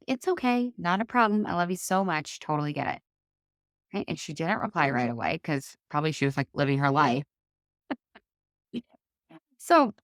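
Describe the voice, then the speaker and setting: A woman in her thirties hosting a solo coaching podcast, chatty and animated, acting out the voices in her stories. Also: extremely low pitch, no echo, clean studio sound. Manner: chatty, animated, acts out quoted dialogue. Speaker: podcast host and life coach.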